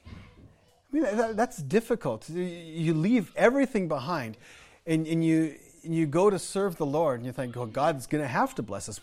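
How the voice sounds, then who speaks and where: A middle-aged pastor from the United States, his voice fairly high and a little mellow, preaches a sermon. He earnestly shares personal stories, frequently restarting and repeating words.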